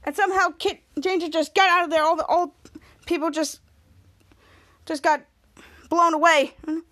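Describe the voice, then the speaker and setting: A woman's voice: very high voice, steady tone, moderate pace, a bit bright. A woman podcast host casually recapping a TV episode, rambling with frequent restarts.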